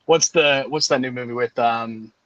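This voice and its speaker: A young man with a steady, mid-range, fairly bright voice talks at a normal speed, calling in as a guest from a campsite. The online call audio is poor though free of echo, and he chats casually, swearing offhandedly and laughing at his own jokes.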